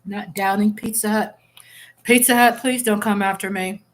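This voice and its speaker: A woman's voice: medium pitch, steady tone, moderate pace. Chatty woman hosting a live stream. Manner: chatty and candid, reading out chat comments. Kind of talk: casual live chat with viewers. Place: at home.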